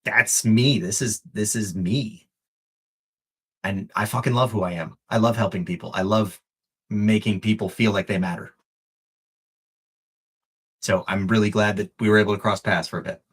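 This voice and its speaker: A man's voice: fairly low pitch, fairly even intonation, moderate pace, pauses often, breathy edge. A man coaching on a live stream, earnest and encouraging, repeating phrases for emphasis and swearing casually, emotional and close to tears. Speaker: fitness and life coach.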